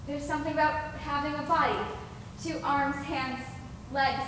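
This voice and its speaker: Girl doing a wistful sad ash girl, high voice, distant echoey hall. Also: steady tone, normal speed, noisy background, close to an everyday voice. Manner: wistful, plaintive. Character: sad, self-doubting young ash girl. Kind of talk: school stage play. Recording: echoey hall, far from mic.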